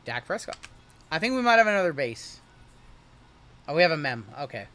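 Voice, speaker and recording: A man's voice: fairly high pitch, very animated, fairly quick, sharp tone. A man hosting a livestream card break, calling each pull with jokey, upbeat banter. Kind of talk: livestream card-opening commentary.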